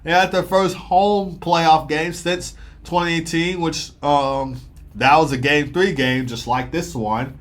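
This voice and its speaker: Young male sports talker, slightly high voice, quick and rambling recap delivery. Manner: fast, rambling, excitable with fillers. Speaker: sports commentator. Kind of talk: casual hockey recap.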